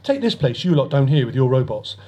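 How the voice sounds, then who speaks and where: A man's voice: medium pitch, very animated, fairly quick, warm tone, slightly rough. A man voicing a nervous, sardonic male journalist held captive by aliens, read aloud at a story reading. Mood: defiant.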